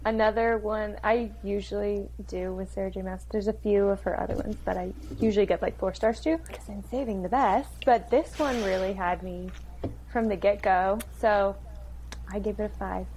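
A woman's voice: medium pitch, steady tone, moderate pace, darkish tone, a little hiss or hum, rough recording. A young woman co-hosting a casual book-review podcast, effusive and giggly, with "like" peppering her speech. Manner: giggly, effusive, says "like" a lot. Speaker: podcast co-host.

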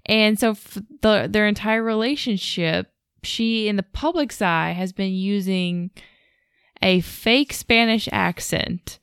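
A woman's voice: medium pitch, takes it slowly, a bit bright, clean tone, no room sound, studio quality. A woman co-hosting a podcast, telling a story in casual chat with lots of fillers and frequent laughs. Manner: chatty storyteller, laughs often, many fillers. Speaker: podcast co-host.

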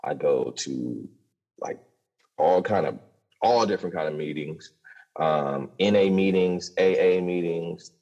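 A man's voice: deep voice, unhurried, a little mellow, dull audio. A young man telling his own story with candid, profane energy, stumbling over short restarts. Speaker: podcast guest telling his recovery story.

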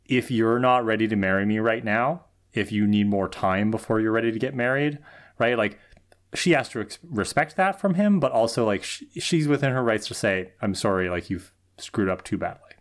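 A man's voice: on the low side, lively intonation, normal speed. A man co-hosting a podcast, thinking aloud in casual chat about an episode. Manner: thoughtful, reasons things through with qualifiers. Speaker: podcast co-host.

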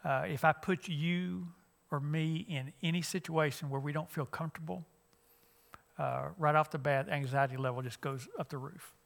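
A man's voice: on the high side, moderate pace, gravelly, fairly bright tone. A middle-aged man, a youth minister giving a conversational church lesson with many fillers and restarts.

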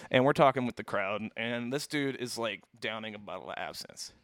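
A man's voice: mid-range voice, fairly quick, a bit bright, dry recording, clean studio sound. A young man in a casual chat, telling a rambling, profane story full of "like". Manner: rambling and profane, heavy use of "like". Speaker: touring band musician.

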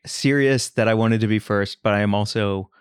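A man co-hosting a podcast in casual chat, playfully ribbing his co-host and telling stories with animated delivery, recorded in a studio. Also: fairly low pitch, moderate pace, clean tone, no room sound.

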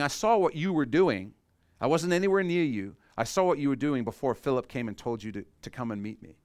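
A man's voice: on the high side, no echo, clean studio sound. A man preaching a sermon in an easygoing, conversational way, acting out quoted lines as he reads and explains verses. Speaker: pastor.

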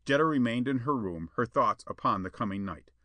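Expressive male audiobook narrator. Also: mid-range voice, a little fast, dry recording. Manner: expressive, lively storytelling. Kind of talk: audiobook reading of a pulp adventure tale.

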